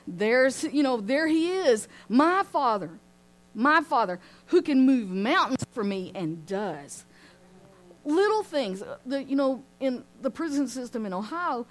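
A woman teaching an informal Bible study in a lively way, often laughing and asking her listeners questions. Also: a little high. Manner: animated, asks the group questions, laughs often.

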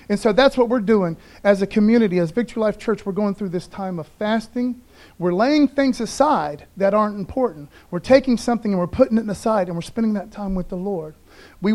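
Preaching a streamed Sunday sermon, a pastor with a high-pitched, slightly mellow voice keeps things relaxed and conversational, dropping "okay, guys" frequently. He reads scripture aloud and trips over some of the names.

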